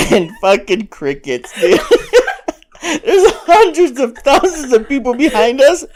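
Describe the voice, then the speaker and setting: A young man co-hosting a podcast in casual chat, telling a funny story with swearing and laughter and acting out shouts. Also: very high voice, huge pitch swings, slow pace, noisy background. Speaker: podcast co-host.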